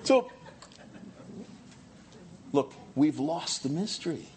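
A man preaching a sermon, swinging between loud shouting and hushed low tones, reading scripture slowly and with stress. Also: big pitch swings, a little hiss or hum. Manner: reads scripture aloud with slow stressed delivery. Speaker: pastor.

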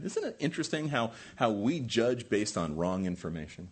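Husky, animated man preaching a sermon. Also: on the low side, moderate pace, hardly any pauses. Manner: animated preaching, rising emphatic peaks, rhetorical questions. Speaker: pastor.

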